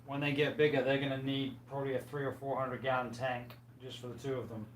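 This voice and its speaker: A man's voice: medium pitch, little pitch movement, fast. A man hosting a casual livestream, chatting easily with viewers and reading out their comments, a little tired. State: tired, yawning. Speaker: livestream host. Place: home room with fish tanks. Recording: echoey room, faint background noise.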